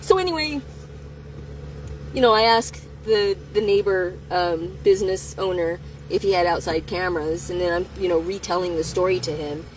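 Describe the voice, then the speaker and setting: A woman recounts a bad encounter in a candid, profane vlog, her voice sitting a little low. She moves between slow, careful stretches and bursts of heated speech. Faint background noise runs under her voice. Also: rough recording. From United States. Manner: candid, profane storytelling, measured pace that gets heated. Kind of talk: personal story vlog.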